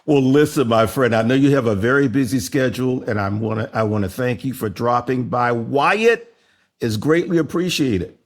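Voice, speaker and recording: A man's voice: mid-range voice, normal speed. A man hosting a podcast interview, flamboyant and playful, with exclamations and teasing asides. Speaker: podcast host.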